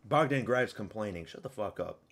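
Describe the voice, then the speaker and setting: A man reacting live to a fight at a watch party, excitable and profane, erupting into shouts. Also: fairly low pitch, fairly quick, creaky.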